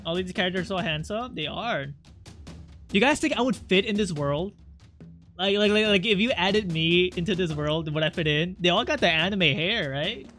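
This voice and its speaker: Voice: medium pitch, moderate pace, fairly bright tone, soft background music. A streamer casually chatting with viewers and joking while playing a story game. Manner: chatty, swears, laughs, drifts into reading dialogue.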